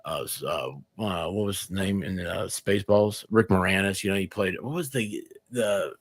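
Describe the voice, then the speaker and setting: A man's voice: low voice, moderate pace, no room sound. A man co-hosting a casual livestream, rambling through anecdotes and acting out quoted lines while laughing mid-sentence. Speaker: livestream co-host. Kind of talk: casual storytelling chat.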